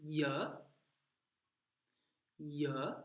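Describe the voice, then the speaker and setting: A woman whose first language is Luxembourgish teaches pronunciation, saying each word slowly and repeating it for the listener to copy. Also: deep voice, little pitch movement, a little mellow, reverberant. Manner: slow, deliberate, repeats words for practice. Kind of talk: pronunciation lesson.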